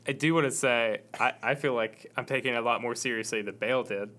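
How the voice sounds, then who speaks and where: A man's voice: mid-range voice, fairly even intonation, fast, bright, forceful tone. A man co-hosting a casual church-related chat, playful and joking.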